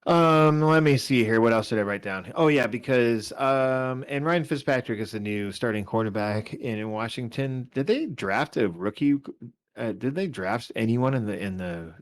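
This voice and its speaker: A man's voice: medium pitch, expressive, moderate pace. A tired man co-hosting a casual sports podcast, rambling and restarting as he argues his picks. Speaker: podcast co-host. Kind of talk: casual fantasy football chat.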